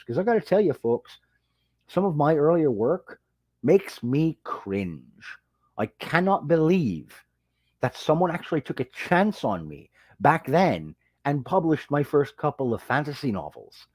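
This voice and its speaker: A man hosting a casual livestream, telling a story in a lively way and greeting viewers as they join. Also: measured pace, dry recording. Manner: animated storytelling, jumps high when quoting people. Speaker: livestream host and fantasy author. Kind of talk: casual rambling livestream chat.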